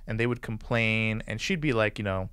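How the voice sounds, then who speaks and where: Male guest, forties, low smooth voice, dry close mic; loose rambling storyteller, "like"-heavy. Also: level tone, moderate pace, fairly bright tone, dry recording. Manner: rambling, many "like" fillers, acts out quotes. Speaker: podcast guest. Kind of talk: casual storytelling interview.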